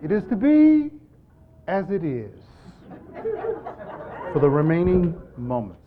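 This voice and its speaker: Animated male preacher, swinging loud to soft. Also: a little high, slow, narrow, tinny audio, some chatter behind. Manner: repetitive, emphatic call-and-response delivery. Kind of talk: sermon.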